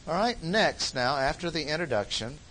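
A man's voice: fairly high pitch, very animated, moderate pace, a bit bright, a little hiss or hum, rough recording. A man teaching a Bible study lecture in an emphatic way, repeating key phrases for stress.

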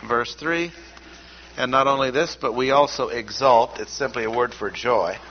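A man giving an expository Bible lesson in a measured, emphatic way, repeating key words as he lists points. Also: mid-range voice. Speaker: Bible teacher. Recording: dull lo-fi recording with faint noise.

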